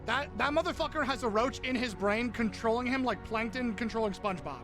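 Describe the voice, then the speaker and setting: High-voiced man in heated stream chat. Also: fairly quick, over music. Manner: heated and profane. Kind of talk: casual live-stream chat.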